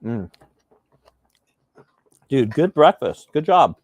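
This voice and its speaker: A man casually chatting while hosting a live breakfast cooking stream, rambling and relaxed with plenty of fillers. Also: medium pitch, slow, slightly rough, no echo. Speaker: host.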